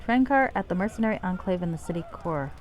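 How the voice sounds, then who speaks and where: Woman streamer, lowish voice, dry sarcastic cursing, casual commentary. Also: animated, quick pace. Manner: wry and profane. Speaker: game streamer.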